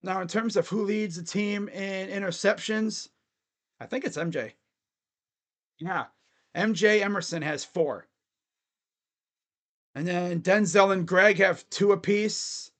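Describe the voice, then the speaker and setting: A man's voice: high voice, takes it slowly, long pauses, fairly bright tone. A man hosting a casual sports fan livestream, rambling loosely and talking to his chat.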